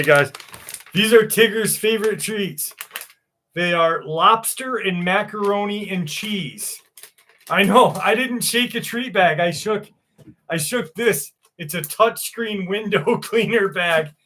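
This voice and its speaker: A man's voice: sits high, slow, sharp tone, slight background noise. A man hosting a casual livestream, chatting loosely with viewers and cursing freely. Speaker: livestream host.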